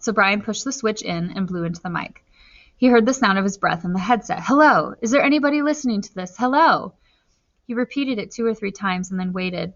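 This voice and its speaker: Woman narrating a novel, muffled recording. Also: mid-range voice. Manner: steady storytelling, rising in tense moments. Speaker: audiobook narrator. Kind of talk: novel read aloud.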